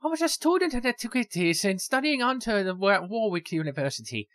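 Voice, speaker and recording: A lilting, stereotypical Irish voice for a tomboyish young woman, as a man puts her on, its pitch swooping widely. The voice is bright and forward in tone. The recording is dry and close. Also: sing-song, brisk, no echo. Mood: chatty. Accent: stereotypical Irish put-on. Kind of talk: reading game dialogue aloud.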